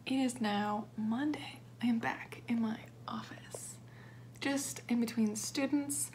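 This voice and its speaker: A young woman rambles casually through a writing vlog, chatty and full of fillers. Her voice is fairly high and a little mellow, her pace slow, with slight background noise.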